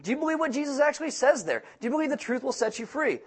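A young man preaching a sermon, joking and acting out quoted people in animated voices. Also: very high voice, very fast. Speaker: pastor.

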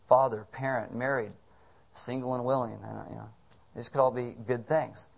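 A man's voice: mid-range voice, steady tone, brisk, gravelly. A man preaching a sermon as pastor, conversational and joking, firing off rhetorical questions.

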